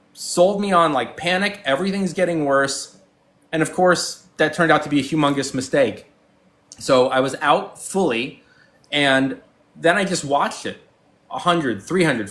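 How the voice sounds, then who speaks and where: A guest in his 40s with a slightly high, fairly bright voice talks casually. His storytelling wanders, heavy on fillers and restarts, as he plays both sides of old conversations.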